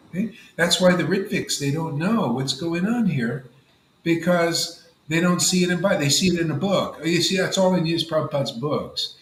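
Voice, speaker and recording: A man's voice: a little high, fairly bright tone, reverberant, slight background noise, poor audio. Man giving a rambling devotional talk. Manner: rambling and conversational, peppered with "you know" and "man". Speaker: spiritual teacher leading a devotee gathering. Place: room with a gathered group of listeners.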